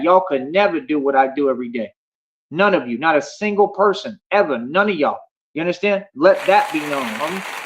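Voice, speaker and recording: A man's voice: a little high, lo-fi sound. A man livestreaming, ranting boastfully at his chat, defiant and repetitive, calling listeners homie. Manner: brash, defiant, repeats himself and calls listeners homie.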